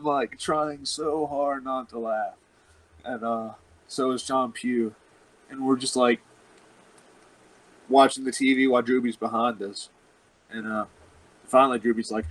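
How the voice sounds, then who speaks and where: A man's voice: medium pitch, dry recording, rough recording. A man, a wrestler, telling a rambling, profane story in casual chat and laughing often. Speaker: professional wrestler guest.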